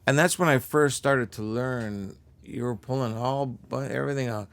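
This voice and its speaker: A man's voice: medium pitch, normal speed, gravelly, a bit bright, dry recording. A man hosting a casual chat, talking loosely with lots of "man" and "like" and some swearing. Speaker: host.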